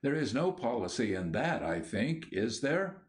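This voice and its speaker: A man voicing an aging, gentle bishop who speaks in a soft, measured, sorrowful way. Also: medium pitch, big pitch swings. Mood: wistful. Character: aging gentle male bishop, wistful and tired.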